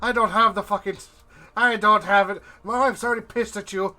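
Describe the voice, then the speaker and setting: A man ranting as a furious, broke dwarf who has lost all his money at dice. The voice is pushed high and loud, and he spits curses in a nonstop tirade. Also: steady tone, moderate pace. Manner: ranting, swearing, shouting. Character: angry broke male dwarf gambler.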